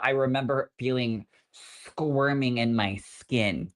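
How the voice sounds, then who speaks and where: A young adult man, a psychic medium co-hosting a podcast, telling stories in an animated, campy way. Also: mid-range voice, a little fast, few pauses. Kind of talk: casual podcast chat.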